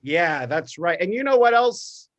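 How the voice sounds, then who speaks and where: A man's voice: high voice, sing-song, unhurried. A man performing improvised comedy on stage, loose and laughing.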